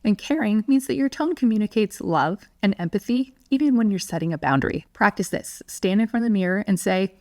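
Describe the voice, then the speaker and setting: A woman parenting educator giving a calm, clear, scripted lesson to parents. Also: mid-range voice, brisk, hardly any pauses, dry recording, studio quality. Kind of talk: scripted teaching monologue.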